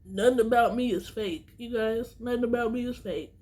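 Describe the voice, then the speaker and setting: A woman's voice: a little high, moderate pace, a little mellow. Teary, earnest woman vlogger. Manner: earnest, emotional, repeats herself for emphasis. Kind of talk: casual vlog monologue.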